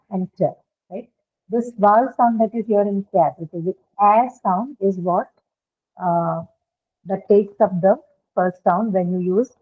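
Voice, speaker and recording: A woman teaching English pronunciation in a class, explaining patiently step by step and often checking with her students. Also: mid-range voice. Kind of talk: online classroom lecture. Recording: tinny phone-like line.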